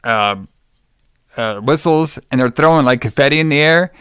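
Male podcast host, smooth clear voice, dry close sound, loose rambling chat full of swearing. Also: mid-range voice, moderate pace, a bit bright, no echo. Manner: rambling, laughing, swears freely.

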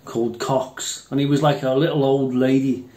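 A man's voice: mid-range voice, fairly even intonation, moderate pace, dark tone, slight background noise. An older Englishman telling rambling, blunt, swear-filled army anecdotes in casual chat. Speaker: airgun channel host. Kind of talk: casual storytelling. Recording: roomy echo.

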